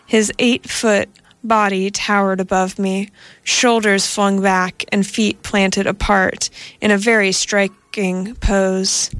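A woman reading a first-person story in a steady, measured narration. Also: medium pitch, no echo.

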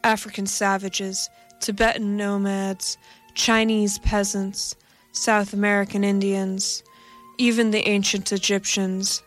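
Woman reading a haunted man in monotone. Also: mid-range voice, lightly acted. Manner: strained whispered monotone.

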